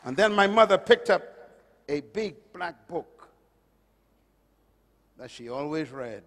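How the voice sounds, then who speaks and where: Guy preaching, fairly high voice, gets loud then drops quiet, big echoey hall. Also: expressive, slow pace. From Caribbean island. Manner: emphatic preaching, big swings from loud to hushed. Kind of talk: sermon.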